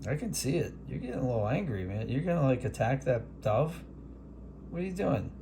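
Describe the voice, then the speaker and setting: A man murmurs to the birds he is watching, teasing them in a hushed, playful tone. His voice sits at an ordinary middle pitch. There is faint background noise. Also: very animated, brisk, creaky. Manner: soft, teasing, talks to birds. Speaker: backyard bird watcher. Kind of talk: casual talk to animals.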